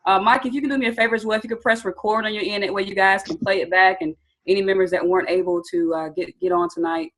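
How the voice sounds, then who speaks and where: A woman's voice: mid-range voice, lively intonation, quick pace, a bit bright. A woman from Atlanta with a Southern accent, teaching trading in a live online webinar in a chatty, upbeat, encouraging way and speaking straight to her viewers over a video call. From Atlanta, Georgia. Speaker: trading instructor.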